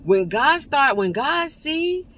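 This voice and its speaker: A woman's voice: high-pitched, very animated, takes it slowly, fairly bright tone, slight background noise, low-quality recording. A woman giving an informal devotional talk, fervent and conversational, often restarting and turning to her listeners. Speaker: preacher sharing an encouraging message with viewers.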